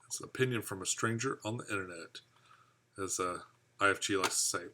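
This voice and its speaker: A man's voice: deep voice, brisk, pushed and bright, slight background noise. A man from the United States hosting a casual live stream about his aquarium hobby. He rambles and chats while answering viewer comments. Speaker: aquarium hobby channel host.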